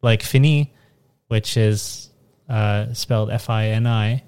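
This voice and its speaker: A man's voice: on the low side, steady tone, takes it slowly, a little mellow, clear, resonant tone. A man co-hosting a podcast, chatting casually and explaining things in a matter-of-fact way. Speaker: podcast co-host. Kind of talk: casual chat.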